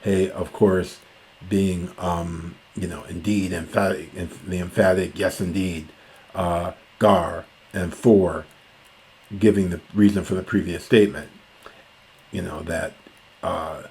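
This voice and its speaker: A man reading ancient Greek lines aloud and explaining them word by word, with many pauses, fillers and self-corrections. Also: sits low, steady tone, a little mellow. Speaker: classics lecturer.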